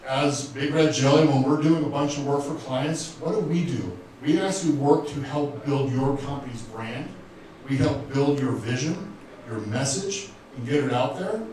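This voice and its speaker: A man's voice: mid-range voice, a little mellow, slight background noise. Earnest older man in an echoey room. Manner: earnest, repetitive, emotional, addresses the crowd directly. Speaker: speaker at a business event. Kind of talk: motivational talk to a live audience. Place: event room with audience. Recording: very echoey room, voice from far off, faint ambience.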